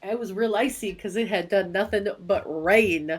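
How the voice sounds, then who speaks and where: Woman, mid pitch, podcast co-host, self-deprecating humor, joking, home recording. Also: normal speed, breathy edge. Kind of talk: casual chat. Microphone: headphones on, home recording.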